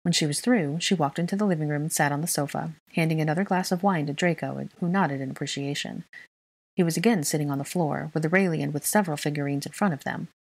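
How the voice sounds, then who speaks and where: A woman narrating fan fiction in a steady, even reading style. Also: sits low, fast talker, no echo. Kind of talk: storybook narration.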